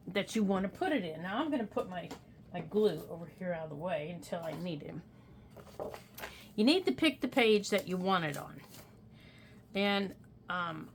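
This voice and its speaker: A woman's voice: mid-range voice, gravelly, a bit bright, a little hiss or hum. An older woman chatting casually through a craft tutorial in a folksy, talk-to-herself way. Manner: chatty, folksy, talks to herself while working. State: hiccups. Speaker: craft vlogger.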